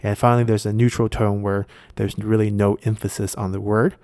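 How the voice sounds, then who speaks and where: A man's voice: fairly low pitch, level tone, a little fast, darkish tone, no room sound. A man hosting an explanatory video lesson, explaining patiently and step by step with frequent filler sounds. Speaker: video essay host.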